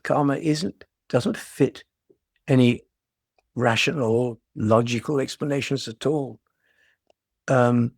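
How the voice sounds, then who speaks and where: A man's voice: medium pitch, creaky, darkish tone, husky, no echo, clean studio sound. An older man giving a dharma talk as a meditation teacher, reflective and storytelling, often restarting his phrases.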